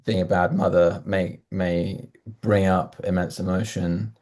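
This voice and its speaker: A man giving gentle, halting spiritual advice on a Q&A call. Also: low-pitched, flat delivery. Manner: gentle, halting, with frequent restarts.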